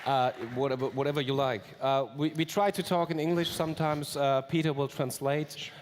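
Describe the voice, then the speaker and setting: Halting male moderator in a reverberant hall. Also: on the high side, steady tone, a little hiss or hum. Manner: halting, with fillers and restarts. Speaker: panel moderator. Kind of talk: live stage interview. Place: convention stage in a large hall. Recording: long reverb of a large hall.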